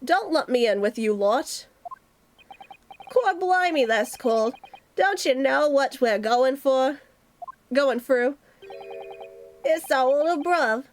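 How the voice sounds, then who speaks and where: A woman's voice: sits high, animated, slow pace, pauses often, slight background noise. A woman voicing a brash male thief, reading game dialogue aloud over faint music. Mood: swaggering. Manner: brash, slangy. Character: rough cockney male thief, swaggering.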